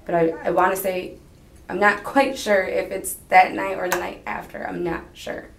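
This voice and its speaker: A woman's voice: lowish voice, little pitch movement, normal speed, gravelly, a little hiss or hum. Rambling young woman in a roomy interview room. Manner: rambling, hesitant storytelling. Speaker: witness being questioned. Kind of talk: police interview. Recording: roomy archival interview recording.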